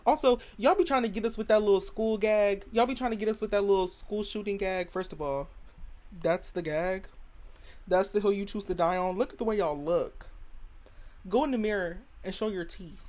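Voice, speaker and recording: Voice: medium pitch, moderate pace, a little mellow. A podcast host from the United States giving a casual opinion rant in a sassy, blunt way, repeating punchlines.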